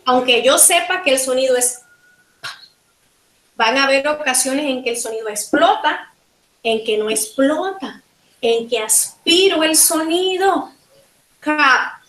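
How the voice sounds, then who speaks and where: A woman from Panama with a Panamanian Spanish accent, teaching a linguistics class and slowly repeating words to model pronunciation. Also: high voice, reverberant, low-quality recording. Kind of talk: bilingual classroom lecture.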